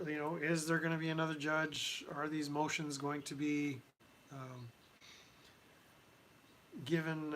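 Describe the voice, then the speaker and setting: A man hosting a casual commentary livestream, talking in a halting way with many restarts and fillers. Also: fairly high pitch, a bit bright, a little hiss or hum. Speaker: livestream host.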